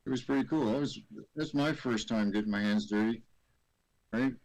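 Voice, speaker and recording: A middle-aged man from Canada talks in a relaxed, easygoing way, swearing offhandedly. His pitch sits in the ordinary male middle. He mostly answers with short agreeing replies. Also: moderate pace, highs cut off. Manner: laid-back, profane, brief agreeing replies. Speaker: podcast co-host. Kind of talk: casual chat.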